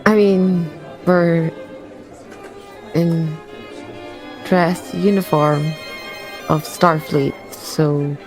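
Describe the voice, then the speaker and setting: Slow-talking amused woman player. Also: lowish voice, fairly even intonation, darkish tone, faint music behind. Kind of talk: casual tabletop game chat.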